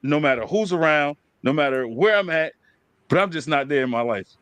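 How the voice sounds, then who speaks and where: A man's voice: on the high side, a little fast, smooth, dry recording. A man in his late twenties hosting a casual podcast chat, telling stories with lots of energy and acting out the voices he quotes. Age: 20s. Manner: animated storytelling, acts out quoted voices. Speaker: podcast host.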